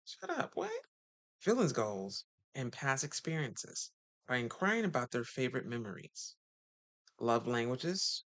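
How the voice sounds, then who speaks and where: Recorded without echo, a man with a slightly bright voice speaks informally to viewers as a relationship coach. He keeps it chatty, tossing out rhetorical questions, his pitch jumping suddenly.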